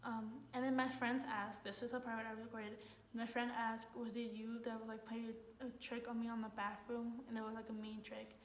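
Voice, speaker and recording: A woman's voice: a little high, moderate pace. A young woman, a college student, telling a story in a casual, rambling way with lots of "like". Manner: rambling, heavy use of "like", excited retelling. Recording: echoey room, faint noise.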